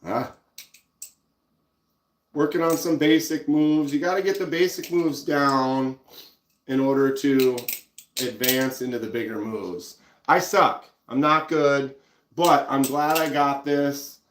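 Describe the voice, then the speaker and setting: A man's voice: medium pitch, slow pace, long pauses, roomy sound, a little hiss or hum. A man with a Minnesotan accent, hosting a casual live stream and chatting easily while showing pocket knives. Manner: relaxed, chatty, reads out viewer comments.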